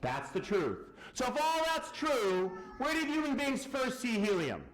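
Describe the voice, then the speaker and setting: A man's voice: extremely high pitch, measured pace, slight background noise. A man giving a live physics demonstration lecture, firing questions at the audience and answering them himself. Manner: lively, quizzes the audience and answers his own questions. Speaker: science lecturer. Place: large lecture hall. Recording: echoey lecture hall.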